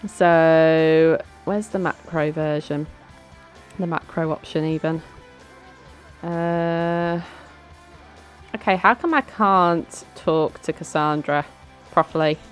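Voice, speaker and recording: Low-voiced woman playing a game. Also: steady tone, slow. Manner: chatty, bossy with her characters, giggly. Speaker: let's play host. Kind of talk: casual gameplay commentary. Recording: faint background music.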